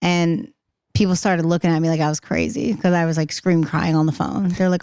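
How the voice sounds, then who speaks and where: A young woman in casual podcast chat as a singer-songwriter guest, talking fast and laughing, acting out the voices she quotes. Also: lowish voice, fairly even intonation, darkish tone, smooth, no room sound, clean studio sound.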